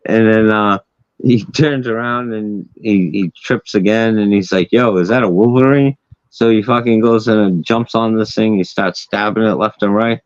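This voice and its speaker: A man hosting a loose, casual chat, spinning a long story full of swearing and chuckling at his own punchlines. His voice sits on the low side. The recording is dry and a little dull and lo-fi. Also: normal speed, dry recording. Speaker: host.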